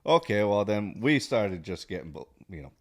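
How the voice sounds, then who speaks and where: A man chatting casually as a podcast host and fellow veteran, laid-back and drawn-out, with laughing asides. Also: lowish voice, very animated. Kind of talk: casual chat.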